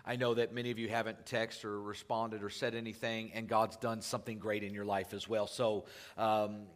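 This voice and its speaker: A male pastor preaching a sermon in a church, talking to the congregation in casual asides and rising loud when he quotes scripture. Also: fairly low pitch, flat delivery, normal speed.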